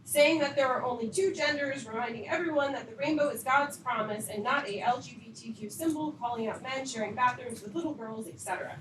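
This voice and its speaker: A woman's voice: fairly high pitch, a little fast, few pauses, a crowd in the background. A middle-aged woman, a parent, giving a public comment at a school board meeting and speaking emotionally and confrontationally. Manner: emotional, confrontational, rising intensity. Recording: echoey meeting room, distant mic, hiss.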